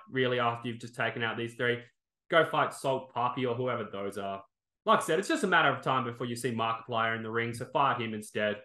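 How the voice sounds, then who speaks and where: A man's voice: mid-range voice, pushed and bright, echoey room. A man hosting a sports review, ranting in anger and exasperation and swearing, tagging his lines with "okay?" and "man".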